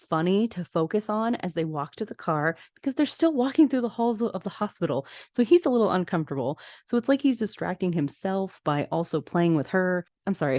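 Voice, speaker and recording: Chatty woman podcaster with a lowish voice. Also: dry recording, studio quality. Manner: chatty and expressive, jumping between narration and opinion. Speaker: podcast host. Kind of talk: casual episode recap. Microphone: podcast microphone.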